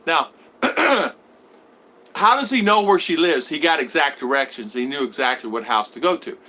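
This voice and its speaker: A man's voice: fairly high pitch, a little fast, pushed and bright. A man vlogger chatting casually on a live stream, telling rambling stories and acting out the people in them. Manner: rambling storyteller who acts out voices.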